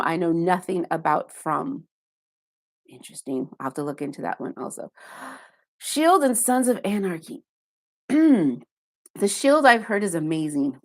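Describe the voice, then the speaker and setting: Woman live-streaming, slightly low voice, rambling casual chat, reads out viewer comments, pokes fun at herself. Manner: chatty and rambling, answers viewer comments one by one; self-deprecating asides. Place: home basement.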